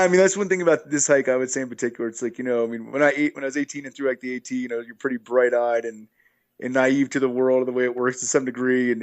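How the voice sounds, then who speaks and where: A man guest on a podcast, telling long stories in an easygoing, rambling way with many fillers and restarts. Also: medium pitch. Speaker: guest, long-distance hiker. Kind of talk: casual interview storytelling.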